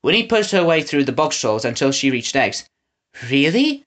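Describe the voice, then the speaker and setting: Expressive woman reading a storybook. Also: rumbling low, brisk. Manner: expressive reading, lively intonation. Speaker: audiobook narrator. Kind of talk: storybook narration.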